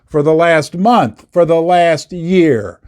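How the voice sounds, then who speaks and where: Speaking slowly with a fairly high pitch and lively intonation, an investment video host delivers scripted commentary to camera about metals markets. He stresses points emphatically, repeats words for effect, and adds sarcastic remarks.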